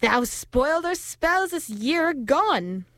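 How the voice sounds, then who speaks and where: A woman voicing a pack of spiteful swamp witches in a storybook reading, jeering in a high, shrill, altered voice. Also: very animated, takes it slowly, a bit bright, dry recording, clean studio sound, full character voice.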